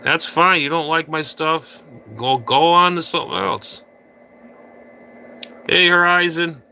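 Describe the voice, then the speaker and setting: A man's voice: fairly high pitch, little pitch movement, takes it slowly, gravelly, bright, forceful tone, slight background noise. Crude ranting male livestream host. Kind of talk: casual livestream chat with viewers.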